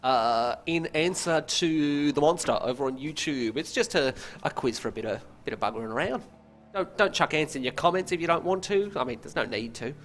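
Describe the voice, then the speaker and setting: Dry-witted co-host. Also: male voice, on the high side, lively intonation, brisk, a bit bright, faint music behind. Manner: dry, teasing, rambling asides. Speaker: quiz co-host. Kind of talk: live-streamed banter.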